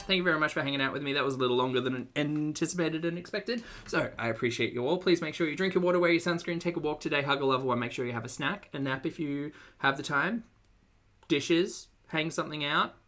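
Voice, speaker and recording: A woman's voice: low voice, sharp tone. A woman streaming a reaction commentary, mocking and blunt with dry sarcastic asides to her chat.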